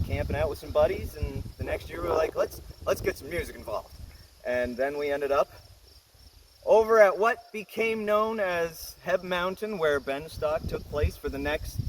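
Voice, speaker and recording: Joking, self-correcting festival host; slightly high man's voice; outdoor field recording off-mic with insect noise. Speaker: host of a virtual music festival. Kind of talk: casual rambling vlog intro. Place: outdoors at a rural campsite. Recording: distant mic, insects in background.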